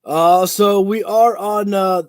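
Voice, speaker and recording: A man with a high-pitched voice talks through a wrestling show for his livestream audience in a loose, chatty way. His play-by-play is casual and excitable, with the odd curse thrown in. The sound is dry and close, with almost no room around it. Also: slow, no room sound. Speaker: livestream host.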